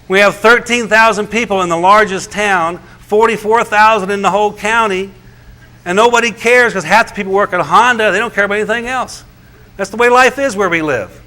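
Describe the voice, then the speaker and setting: High, bright-voiced man telling a story. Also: brisk. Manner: animated, incredulous, quotes others in their voices. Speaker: pastor. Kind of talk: storytelling talk.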